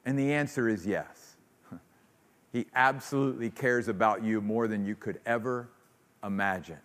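In a church sanctuary with the long reverb of a large hall, a man speaks at a normal pace with a fairly bright tone. He preaches a sermon as pastor, earnestly acting out quoted voices with rising pitch, and then leads a closing prayer.

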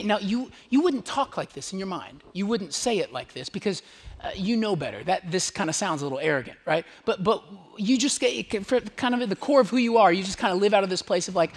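Husky-voiced man preaching a sermon. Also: high-pitched, expressive, a little fast. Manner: conversational, emphatic, drops to hushed whispers on key lines. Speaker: pastor. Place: church in front of a congregation.

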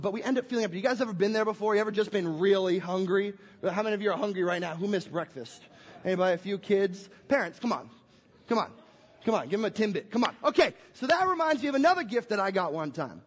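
Young man, pastor, family sermon, husky high voice, playful, church hall with long reverb. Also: moderate pace. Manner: energetic and playful, acting out scenes.

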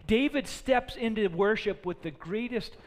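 A man preaching a sermon, earnest, often repeating words as he builds a point and dropping low and quiet for sad moments. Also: moderate pace. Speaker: pastor. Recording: long hall reverb.

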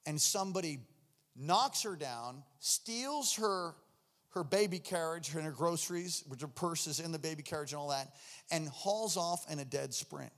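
A man preaching a sermon as a pastor, loud and impassioned, often shouting. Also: fairly high pitch, animated, normal speed. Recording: long hall reverb.

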